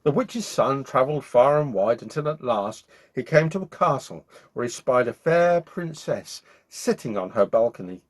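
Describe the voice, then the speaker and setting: A man hosting his own show, reading a children's bedtime story aloud in an expressive, animated way. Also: medium pitch, moderate pace, hardly any pauses. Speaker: storyteller host.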